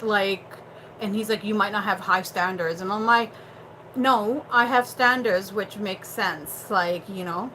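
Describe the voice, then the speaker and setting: A woman's voice: medium pitch, a bit bright, a little hiss or hum, rough recording. A young adult woman hosting a casual livestream chat, blunt and chatty, swearing freely and using lots of fillers. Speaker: livestream host.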